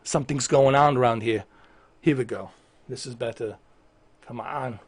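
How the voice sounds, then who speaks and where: A man's voice: mid-range voice, moderate pace, a little hiss or hum. A man chatting casually on a livestream, ranting at his viewers with lots of swearing. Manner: animated, profane ranting at viewers.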